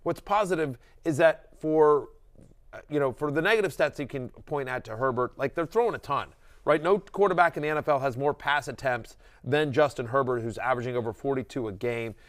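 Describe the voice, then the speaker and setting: A man's voice: mid-range voice, a little fast. A man hosting a casual fantasy football show, talking in loose, rambling runs with many restarts and fillers. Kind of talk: casual sports chat.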